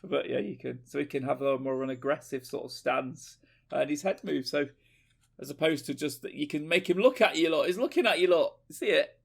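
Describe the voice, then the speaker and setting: A man co-hosting a podcast, talking in an excitable, chatty way with jokey asides. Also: fairly high pitch, brisk, vocal fry, breathy edge. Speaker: podcast co-host. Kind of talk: casual chat.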